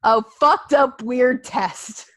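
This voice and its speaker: A woman co-hosting a casual wrestling podcast, animated and laughing, acting out others' lines in jokey voices. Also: high-pitched, slow, no echo. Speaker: podcast co-host.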